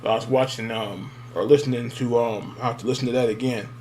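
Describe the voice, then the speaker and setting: A man's voice: mid-range voice, fairly even intonation, brisk, darkish tone, a little hiss or hum. A man hosting a podcast, chatting loosely with rambling asides and fillers. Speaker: podcast host. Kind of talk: casual chat.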